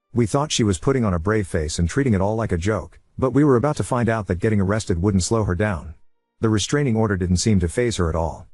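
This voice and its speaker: Narrator: a man with a lowish voice reads a first-person story in an even, measured way over faint music, dry close sound. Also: no echo. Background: faint background music.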